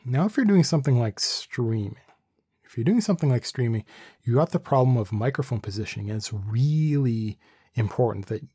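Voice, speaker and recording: A man's voice: medium pitch, animated, brisk, warm tone, breathy edge, dry recording. A man talking casually about his microphone setup into a studio microphone in a small home room, rambling and thinking aloud with restarts. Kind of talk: casual talk to camera. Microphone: studio condenser microphone with pop screen.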